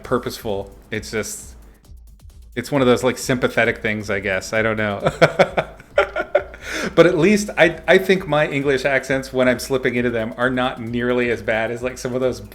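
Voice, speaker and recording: A man's voice: mid-range voice, a bit bright. A man talking casually to his viewers on a livestream, answering chat and laughing often. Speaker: streamer chatting with viewers while painting.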